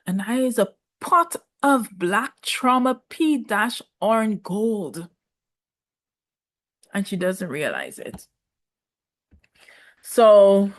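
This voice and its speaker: Sassy young woman reviewing reality TV. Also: on the high side. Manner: sassy, emphatic, drawn-out repetitions. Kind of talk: casual opinionated commentary.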